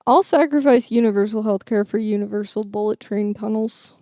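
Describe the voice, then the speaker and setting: A woman's voice: mid-range voice, fairly quick, warm tone, no room sound, studio quality. A young woman co-hosting a podcast in casual chat, joking and laughing often. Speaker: podcast co-host.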